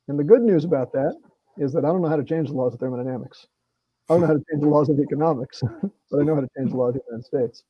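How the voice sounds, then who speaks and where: A man's voice: mid-range voice, creaky, dry recording, highs cut off. A middle-aged man, a congressman, talking earnestly and plainly with frequent restarts at a virtual meeting. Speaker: congressman guest. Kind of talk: conversational talk at a virtual meeting.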